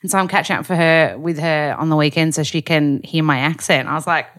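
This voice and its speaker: Upbeat Australian woman podcast host, lowish voice. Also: brisk, fairly bright tone, no echo, clean studio sound. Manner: enthusiastic, effusive. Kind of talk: podcast interview.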